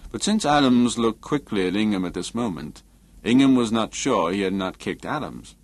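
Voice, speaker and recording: A man narrating a novel as an audiobook in a measured, expressive reading. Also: fairly low pitch, no echo.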